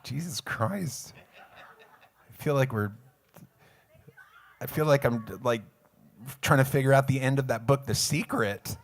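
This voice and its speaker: A man's voice: mid-range voice, unhurried, pauses often, a little hiss or hum. A singer-songwriter chatting casually with his audience between songs at a live music venue, joking, rambling and swearing offhandedly. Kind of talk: casual stage banter with the audience.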